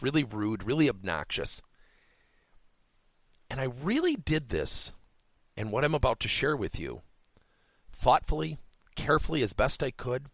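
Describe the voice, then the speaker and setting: A man's voice: mid-range voice, vocal fry, a bit bright, no room sound. A man hosting a workplace coaching podcast, telling a story with rhetorical questions.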